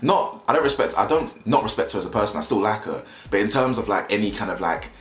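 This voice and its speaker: A young YouTube reviewer talks fast in a lowish voice with lively intonation, delivering slangy, mocking casual commentary and laughing often. The recording has a roomy echo and faint music.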